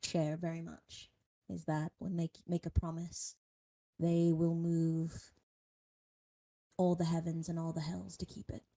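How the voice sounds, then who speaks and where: A woman playing in a tabletop fantasy game, talking in a chatty, eager ramble full of likes. Her voice sits a little low for a woman. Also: completely flat delivery, measured pace, long pauses, mellow. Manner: chatty, filler-heavy, eager. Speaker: player. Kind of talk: casual tabletop role-play.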